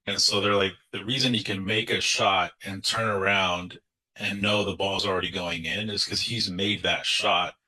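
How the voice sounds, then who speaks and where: A man's voice: deep voice, fairly even intonation, normal speed, bright, forceful tone, breathy edge, poor audio. A man on a sales team call chiming in casually to back up a point.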